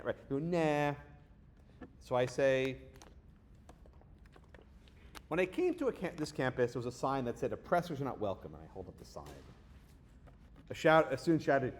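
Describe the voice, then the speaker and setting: A man's voice: mid-range voice, fairly quick. A man giving a lecture, telling a story with sarcasm and acting out the people he quotes. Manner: animated, sarcastic, acts out quoted voices. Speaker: guest lecturer. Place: lecture hall.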